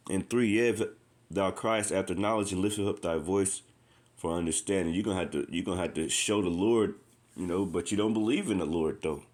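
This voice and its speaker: His voice low and a little mellow, a street preacher speaks with passion in an informal style. He says "man" often, goes over the same points repeatedly, and reads passages of scripture aloud amid his own words.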